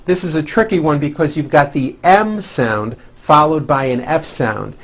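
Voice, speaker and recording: A man teaching English pronunciation in a scripted lesson, demonstrating sounds slowly and with exaggeration. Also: fairly high pitch, lively intonation, gravelly.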